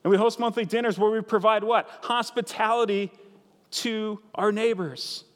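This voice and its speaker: A man's voice: sits high, fairly even intonation, moderate pace, a bit bright. A man preaching a sermon as pastor, earnest and conversational, repeating key phrases for emphasis. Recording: reverberant hall sound.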